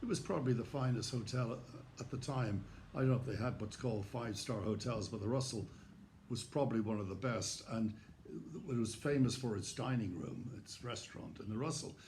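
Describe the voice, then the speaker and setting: An older Irish man, hoarse, telling a personal anecdote in a lively way and acting out the voices he quotes. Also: medium pitch, fairly quick, slight background noise. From Ireland. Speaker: storyteller. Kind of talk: personal anecdote told to camera.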